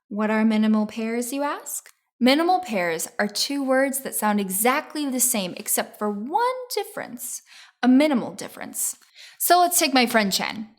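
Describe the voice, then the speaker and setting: A woman giving a scripted pronunciation lesson, explaining step by step in a clear, encouraging way. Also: fairly high pitch. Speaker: English teacher.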